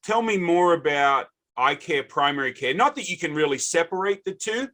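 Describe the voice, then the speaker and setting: A man's voice: on the high side, expressive, normal speed, bright, forceful tone. A middle-aged man with an Australian accent hosting a podcast, chatty and rambling through anecdotes. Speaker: podcast host. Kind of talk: casual interview chat.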